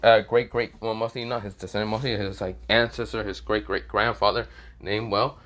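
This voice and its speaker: A man's voice: lowish voice, fairly even intonation, brisk, a bit bright. A young man improvising a fan story aloud, rambling with many fillers and self-corrections and casual swearing. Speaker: fan fiction narrator.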